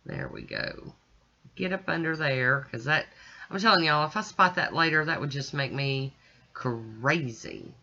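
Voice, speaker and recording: A woman talks through her nail art work in a chatty, folksy voice-over, speaking right to her viewers. Her voice is bright and forward. The recording sounds dull and lo-fi. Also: low-pitched, sing-song, measured pace. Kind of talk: casual tutorial voice-over.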